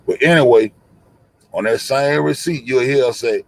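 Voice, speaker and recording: A livestream host with a mid-range voice rants profanely and confrontationally, talking a little fast and repeating himself. There's no room sound.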